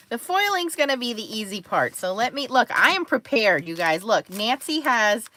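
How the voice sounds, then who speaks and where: A woman's voice: fairly high pitch, big pitch swings, a little slow, pauses often, pushed and bright. A woman hosting a card-making livestream, chatting casually, greeting viewers by name and laughing often. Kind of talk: casual crafting livestream chat.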